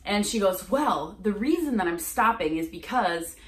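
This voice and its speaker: A woman vlogging from her home office, telling a sales story in a lively way and acting out the people she quotes. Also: mid-range voice, normal speed, roomy sound. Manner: animated, acts out quoted lines. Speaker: sales coach. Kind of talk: casual storytelling vlog.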